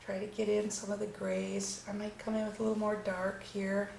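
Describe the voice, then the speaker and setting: A woman with a medium-pitched, gravelly, slightly mellow voice teaches watercolor, her pitch barely moving and her pace moderate. She chats with enthusiasm while painting her demonstration. There's echo and faint noise in the room.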